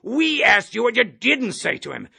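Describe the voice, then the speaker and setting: A man's voice: sits high, very animated, normal speed, vocal fry, bright, forceful tone, husky, pitched above the performer's own voice, full character voice. A man voicing a blustering, bullying army major who barks and sneers through an interrogation.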